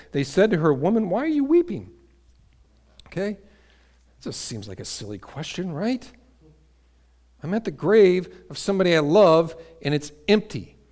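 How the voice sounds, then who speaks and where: Guy preaching a sermon, kinda high voice, gets fired up then goes quiet, keeps asking the room stuff. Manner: energetic, rises to emphatic peaks then drops to quiet asides; asks the congregation questions. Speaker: pastor.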